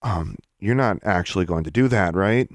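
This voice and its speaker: A man's voice: sits low, moderate pace, no echo, studio quality. A man voicing a bossy teenage wizard boy in an audiobook reading, teasing and tagging his lines with "right?".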